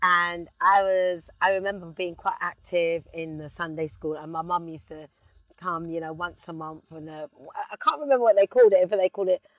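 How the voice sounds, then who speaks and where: A middle-aged woman with a London accent, chatting as an interview guest inside a car, telling lively stories and breaking into snatches of song. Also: fairly low pitch, moderate pace, no echo. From England. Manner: animated storyteller, sings snippets. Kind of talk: relaxed casual chat.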